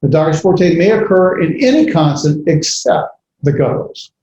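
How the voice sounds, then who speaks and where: A man teaching a class on an ancient language. He has a rather high, mellow voice and halts often, with fillers and restarts as he carefully sounds out letters. It comes through as a dull, roomy classroom recording with faint hiss. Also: expressive, normal speed. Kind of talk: classroom lecture.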